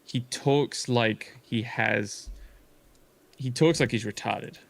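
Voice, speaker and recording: A man's voice: medium pitch, slow, gravelly, no room sound. A man telling a long story in casual chat as a streamer, rambling with frequent swearing and restarts. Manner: rambling, swears often, many fillers and restarts.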